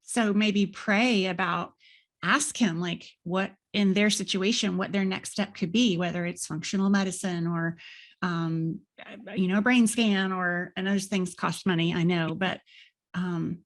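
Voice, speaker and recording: A woman's voice: lowish voice, steady tone, a little slow. A woman hosting a faith podcast, chatting casually, rambling with fillers and restarts. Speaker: podcast host. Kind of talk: casual interview chat.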